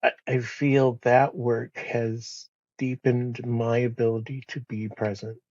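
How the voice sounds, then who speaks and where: Soft-spoken guy talking real slow, mellow husky voice, dry close sound. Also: medium pitch, little pitch movement, dry recording, lo-fi sound. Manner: slow, soft-spoken, with many pauses and restarts. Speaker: podcast guest. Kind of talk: reflective conversation.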